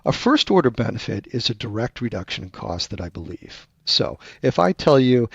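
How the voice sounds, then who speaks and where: A man with a gravelly, slightly husky voice explains things patiently, like a teacher, and voices imagined buyers with lively jumps in pitch. The sound is close and dry but a little dull, without much room around it. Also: brisk, few pauses, no room sound. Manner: animated, teacherly, acts out buyer questions with shifting pitch. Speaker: guest expert on sales value. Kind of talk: explanatory interview talk.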